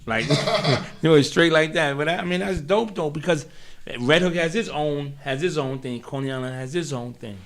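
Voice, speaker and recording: A man's voice: fairly high pitch, moderate pace. A man from hosting a podcast, talking in loose, slangy banter with frequent laughs. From Brooklyn, New York. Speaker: podcast host. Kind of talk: casual chat.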